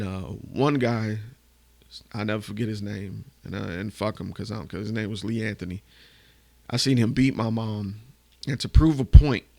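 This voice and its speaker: Low gravelly man telling his story. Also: darkish tone, dry recording. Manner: candid, emotional, swears casually. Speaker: podcast host. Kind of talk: personal storytelling.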